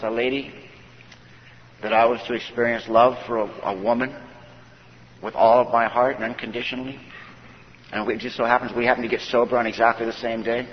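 In a dull, echoey hall with a little background noise, a folksy storyteller with a medium-pitched voice describes his personal recovery from the conference stage. He often acts out the things other people said to him.

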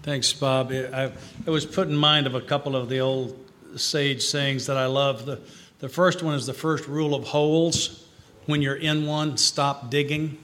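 A man's voice: fairly high pitch, a bit bright, a little hiss or hum. A man co-leading a recovery talk, sharing old sayings in an easy, thoughtful way.

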